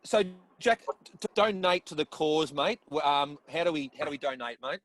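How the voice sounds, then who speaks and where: A man's voice: a little high, expressive, normal speed, fairly bright tone, low-quality recording. A man hosting a casual interview, friendly and stammering, saying mate often. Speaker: interview host.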